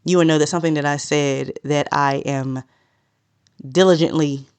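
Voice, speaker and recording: A woman hosting a solo podcast, talking straight to her listeners in a direct, no-nonsense way and consciously slowing a naturally fast delivery. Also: low-pitched, fairly even intonation, a little mellow, smooth, dry recording. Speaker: podcast host.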